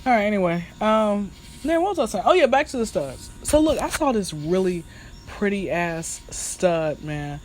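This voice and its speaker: A woman's voice: medium pitch, normal speed, a little hiss or hum. A woman hosting a candid solo podcast, telling frank stories with laughs and talking straight to her listeners. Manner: chatty and animated, addressing listeners as y'all. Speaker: podcast host.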